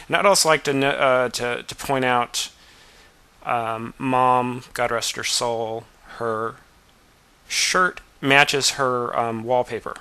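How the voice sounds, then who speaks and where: A man's voice: medium pitch, steady tone, slow pace, pushed and bright, smooth. A man in his forties giving a wry, self-deprecating director's commentary on his own childhood film. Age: 40s.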